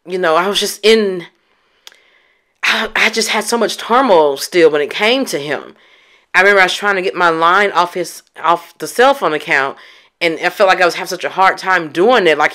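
A woman's voice: fairly low pitch, fairly bright tone. A woman hosting a podcast, telling a personal story in a candid, emphatic way and addressing listeners directly. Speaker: podcast host.

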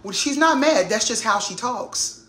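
Woman, casual cooking vlog host, assertive and loud, recorded in a roomy kitchen. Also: a little high, animated. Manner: loud, assertive, quick to laugh. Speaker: vlogger. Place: home kitchen. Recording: echoey kitchen with clattering pots.

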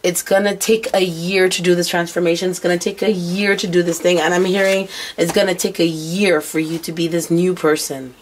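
A lower-voiced woman reading tarot cards in a casual, blunt way, cursing freely as she passes on messages she hears from spirit. A faint hiss sits under her voice. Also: flat delivery, brisk, few pauses. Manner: blunt, swearing, talking as if relaying spirit messages. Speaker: tarot reader.

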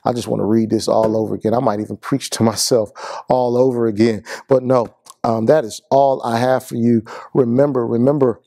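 Male pastor, earnest, repeats himself, mellow warm tone, a bit hoarse. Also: mid-range voice, fairly even intonation, fairly quick, no echo, studio quality. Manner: earnest, repeats words, rising to a fervent benediction. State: losing his voice. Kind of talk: sermon closing and announcements.

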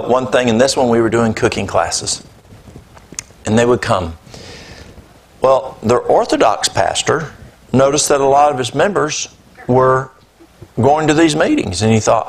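A man preaching a sermon, telling a personal story in a conversational, animated way. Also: medium pitch, moderate pace, a little hiss or hum. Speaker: pastor. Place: church.

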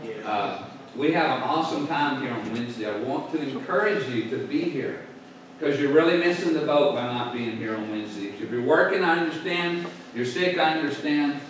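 A man's voice: mid-range voice, animated, normal speed, slight background noise. A man, a pastor, preaching a sermon and drawing the congregation into call-and-response. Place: church sanctuary. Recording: echoey church room, voice from a distance.

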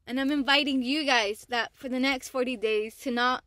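Bright, higher-pitched woman sharing her faith. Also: fairly even intonation, no room sound, studio quality. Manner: casual, heartfelt, slangy, with pauses and restarts. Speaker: faith vlogger. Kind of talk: candid personal testimony to camera.

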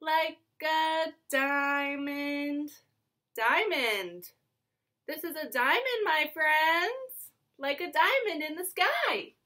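A young woman teaching preschoolers over video, talking in a slow, singsong, encouraging way. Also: high voice, very animated, bright, forceful tone. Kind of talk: online circle time for young children. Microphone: phone or camera held close, adjusted mid-video.

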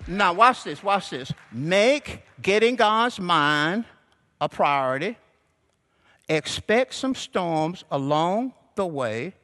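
A man preaching a sermon as pastor, calling out to the congregation and building to shouts. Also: high-pitched, animated, takes it slowly, faint music behind. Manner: call-and-response preaching, rising to shouts. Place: church sanctuary.

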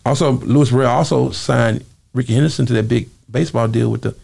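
Gravelly fast-talking man telling stories. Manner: quick, lively storytelling, acting out quoted voices with big jumps in pitch. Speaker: interview guest, former singer. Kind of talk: animated storytelling interview.

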